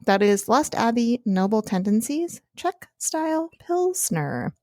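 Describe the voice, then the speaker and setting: A woman co-hosting a podcast in casual chat, playful and quick to laugh, swearing casually. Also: on the high side, sing-song, a little mellow, no echo, studio quality. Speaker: podcast co-host.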